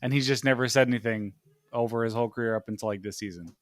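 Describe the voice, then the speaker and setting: A young man co-hosting a podcast, telling stories in a rambling, animated way with lots of fillers. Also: mid-range voice, rapid-fire, no room sound, clean studio sound. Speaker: podcast co-host. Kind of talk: casual chat.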